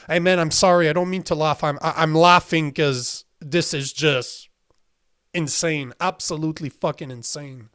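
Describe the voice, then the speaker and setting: A man's voice: on the high side, expressive, moderate pace, fairly bright tone. A man hosting his own show, ranting in a heated, profane way, breaking into incredulous laughs while he reads viewer comments aloud. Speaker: podcast host. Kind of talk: livestream commentary reading chat.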